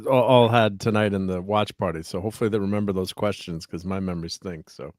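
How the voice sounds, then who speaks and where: A man co-hosting a casual chat, laid-back and quick to chuckle. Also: deep voice, fairly even intonation, a little mellow, no echo, clean studio sound. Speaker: co-host.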